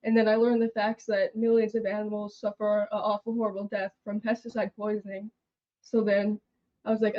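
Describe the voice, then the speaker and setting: A young woman, an interview guest, telling her own story in plain, earnest words that often trail off softly. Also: medium pitch, level tone, moderate pace, lo-fi sound.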